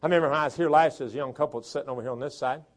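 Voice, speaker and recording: A man from the South, preaching a sermon and reading scripture verses aloud, swelling loud on key words and dropping into folksy asides. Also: mid-range voice, rapid-fire. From southern Tennessee and northern Alabama, US.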